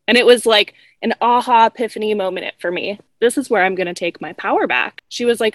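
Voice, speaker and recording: A woman, a hairstylist guest, telling stories in casual chat, animated and laughing as she acts out quoted lines. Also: medium pitch, brisk, hardly any pauses, dry recording.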